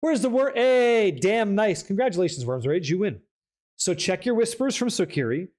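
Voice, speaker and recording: A man's voice: high-pitched, expressive, moderate pace, darkish tone. A young man hosting a live stream, reading chat aloud and joking in a casual, hyped way with some swearing. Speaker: streamer host.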